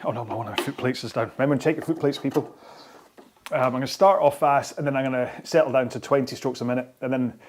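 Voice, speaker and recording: A man's voice: mid-range voice, fast. A man hosting a live rowing workout, chatty and out of breath between sprints, on a throat-worn microphone in his home studio. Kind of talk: live follow-along workout chat.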